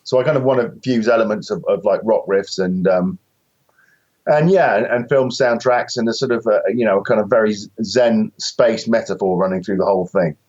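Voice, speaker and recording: British musician guest, low voice, muffled remote line, rambling self-deprecating talk. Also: male voice, moderate pace, darkish tone. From Britain. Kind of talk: casual interview chat.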